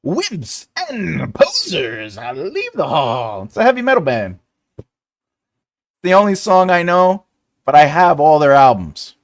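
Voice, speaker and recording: Jokey man in his forties, lively pitch. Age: 40s. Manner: rambling and jokey, laughs often. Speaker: livestream host. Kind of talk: casual chat with live chat.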